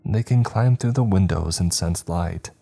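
A man's voice: deep voice, unhurried, vocal fry, dark tone, faint music behind, voice pushed up, full character voice. A man voicing a frightened, tearful young woman. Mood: soft warning. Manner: pleading, sobbing.

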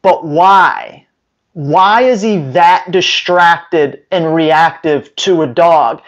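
A man giving dog training advice straight to his viewers in an emphatic way, now and then acting out owners and dogs. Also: on the high side. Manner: emphatic, acts out owners and dogs in quick voices. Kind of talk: direct-to-camera training advice.

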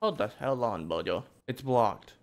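Brash young guy, casual game commentary, swears a lot, mid-pitched voice. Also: lively intonation, moderate pace. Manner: brash, joking, swears often, talks back to the game. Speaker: gaming video host.

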